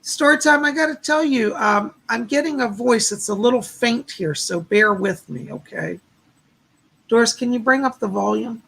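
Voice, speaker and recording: A hoarse man hosts a livestream of psychic readings, his voice worn and husky with a gravelly fry. He reassures each viewer gently and relays spirit messages in a steady, patient way. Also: very high voice, normal speed. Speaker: psychic medium hosting a livestream. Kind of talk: live psychic readings answering chat.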